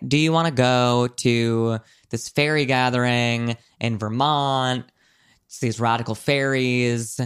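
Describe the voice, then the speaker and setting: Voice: medium pitch, clear, resonant tone. Casting: young adult podcast co-host, casual, chatty, rambling, swears freely. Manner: rambling, filler-heavy, swears often. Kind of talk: casual chat.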